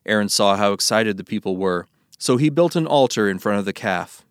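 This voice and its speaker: A man reading scripture aloud in a measured, solemn narration. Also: on the low side, expressive, no echo, clean studio sound. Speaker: scripture reader.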